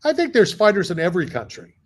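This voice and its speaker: A man's voice: high-pitched, wildly swooping pitch, fast, a little hiss or hum. Argumentative radio show host, a man. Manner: repeats himself, argumentative. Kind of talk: casual chat.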